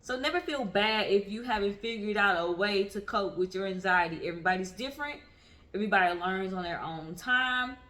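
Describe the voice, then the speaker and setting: A vlogger in her thirties talks candidly to the camera about her own experience, speaking briskly in a bright, ringing, mid-range voice. Earnest and emphatic, she repeats phrases to give each point weight.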